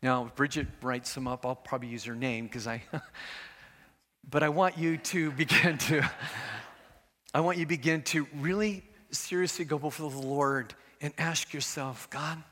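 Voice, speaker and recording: A man's voice: fairly high pitch, fairly even intonation, moderate pace, pushed and bright. Preaching man in an echoey hall. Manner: earnest, conversational preaching with asides. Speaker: pastor. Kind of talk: sermon. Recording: echoey hall with long reverb.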